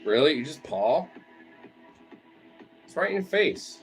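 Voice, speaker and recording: A young man chatting playfully to his pet dogs, sliding into high cooing pet talk. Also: huge pitch swings, normal speed, long pauses, faint music behind. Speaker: dog owner vlogger.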